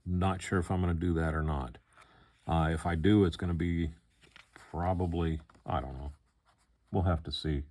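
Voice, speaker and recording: An older man chatting casually as he unboxes a model car kit, relaxed and rambling, with lots of fillers. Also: low-pitched, moderate pace.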